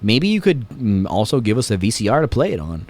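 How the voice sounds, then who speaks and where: Low-voiced man hosting a chatty podcast. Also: sing-song, a little fast, darkish tone. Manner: chatty, joking, retells scenes. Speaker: podcast host. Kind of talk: casual chat.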